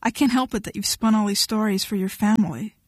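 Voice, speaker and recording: A cold, blunt young woman with a sharp, dismissive edge to her words, as a woman reads her. It is a dry, close recording with no room sound. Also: mid-range voice, quick pace, breathy edge, no room sound, natural voice.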